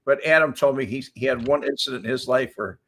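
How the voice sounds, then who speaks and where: An older man hosting a casual talk show, telling animated stories and laughing often as he acts out quotes. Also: mid-range voice, fast. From Chicago area. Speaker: show host. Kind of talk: casual storytelling chat.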